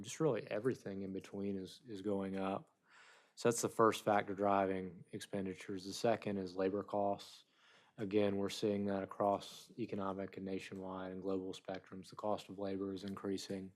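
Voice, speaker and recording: A man giving the town manager's report at a council meeting, speaking off the cuff with fillers and restarts. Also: low voice.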